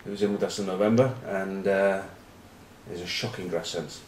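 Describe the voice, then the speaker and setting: Low-voiced rugby pundit, echoey. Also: male voice, fairly even intonation, normal speed, a little mellow, slight background noise. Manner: rambling, wry, cheeky. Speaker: rugby pundit and vlog host. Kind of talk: casual rugby chat to camera. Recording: roomy echo, distant mic.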